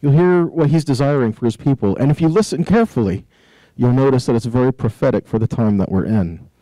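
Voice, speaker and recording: A man hosts and teaches in a preaching style, posing rhetorical questions to his listeners. His tone is mellow and a little dark, and the sound is dry. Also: mid-range voice, fast talker, dry recording, low-quality recording. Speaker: host, ministry teacher.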